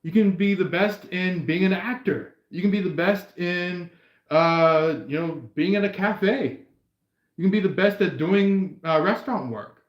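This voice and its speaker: A man's voice: high-pitched, a little slow, roomy sound, dull audio. Rambling man hosting a live tarot stream. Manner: meandering, full of fillers and restarts.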